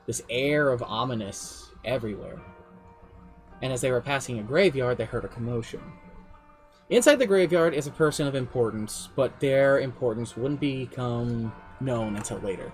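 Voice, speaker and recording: A man's voice: medium pitch, normal speed, faint music behind. A man streaming, casually recounting his tabletop campaign as game master in a rambling, self-deprecating way.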